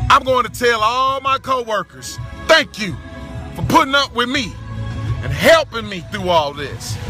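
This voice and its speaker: A man recording himself in his car, talking in an exuberant, shouting, whooping way with preacher-like exclamations. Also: very high-pitched. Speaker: vlogger. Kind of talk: excited celebratory monologue. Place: inside a car. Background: faint music playing.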